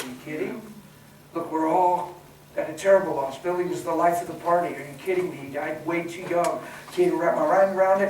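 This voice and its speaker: A man preaches, his voice a little high for a man. He moves from hushed, near-whispered lines to loud, excited bursts. He is recorded from a distance in a big, echoing church hall with faint noise behind. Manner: passionate, swings from hushed to shouting. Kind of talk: sermon. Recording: echoey hall, voice from far off.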